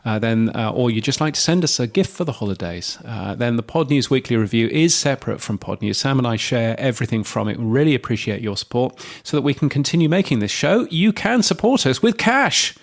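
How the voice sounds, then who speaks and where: Man with a gravelly voice, chatting casually. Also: mid-range voice, expressive, a little fast, few pauses. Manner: chatty, hesitant with many ums and uhs. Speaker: podcast co-host. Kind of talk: casual podcast chat.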